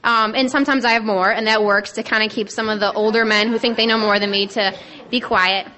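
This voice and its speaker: A young woman speaking on a conference panel, sharing her story quickly, a little nervous and excited. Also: a little high, background noise. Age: young adult. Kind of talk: personal share talk.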